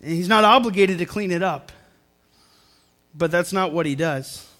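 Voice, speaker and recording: A man's voice: high voice, moderate pace, a bit bright. A young man preaching a sermon to a congregation in church, earnest and repeating phrases for emphasis. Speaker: pastor. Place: church service before a congregation.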